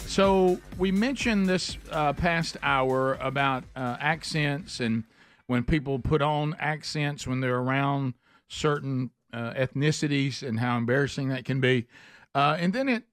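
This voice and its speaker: A man's voice: medium pitch, a little slow, dry recording, soft background music. A man hosting a talk radio show, chatting casually and teasing his co-hosts between frequent "uh"s. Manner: hesitant, full of "uh", drifting into teasing. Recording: dry close studio mic.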